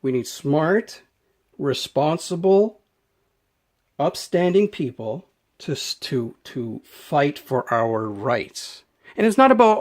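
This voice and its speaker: Ranting knife vlogger, man, slightly high voice, emphatic and repetitive. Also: very animated, slow, darkish tone. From Canada. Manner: emphatic, rambling, repeats words. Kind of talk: unscripted rant to camera.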